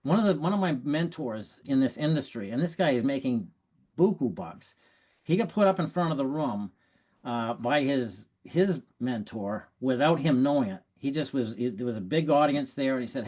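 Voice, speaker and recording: A man giving an energetic, conversational sales training talk on a video call, often restarting his sentences. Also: fairly high pitch, fairly quick.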